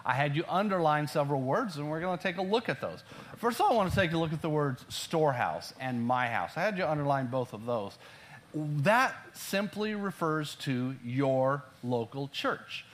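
A man with a somewhat high-pitched voice delivers a sermon. He reads verses slowly and with emphasis, then explains them to the congregation. He repeatedly tells listeners to underline words in their Bibles. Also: a bit bright. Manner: emphatic, slows down to read verses aloud. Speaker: pastor. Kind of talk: sermon teaching through scripture.

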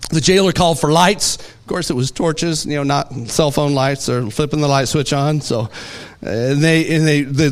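Animated preacher man, fairly high voice. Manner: animated storytelling, acts out voices. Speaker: pastor. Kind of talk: sermon.

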